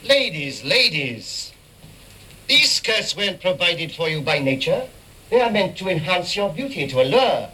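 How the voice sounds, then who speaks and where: A man's voice: high voice, very animated, measured pace, pushed and bright, slightly rough, full character voice, rough recording. A man playing a quirky, theatrical police inspector in a 1930s film, with a clipped, fussy delivery. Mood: fussy instructing. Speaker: film actor.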